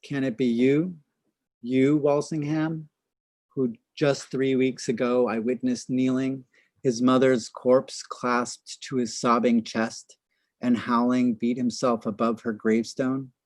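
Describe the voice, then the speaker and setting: A man reading aloud as a grave elderly priest who speaks slowly and solemnly, pleading with a reveller. The voice is dry and close, with no room around it. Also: medium pitch, flat delivery, a little mellow, no echo, lightly acted. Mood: reproachful. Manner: solemn, imploring.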